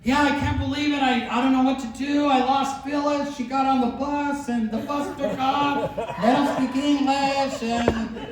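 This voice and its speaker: A woman's voice: sits high, steady tone, normal speed, few pauses, crowd noise, voice pushed up, close to an everyday voice. Man putting on a panicked lost woman. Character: flustered woman lost abroad on the phone. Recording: echoey room, mic from far off.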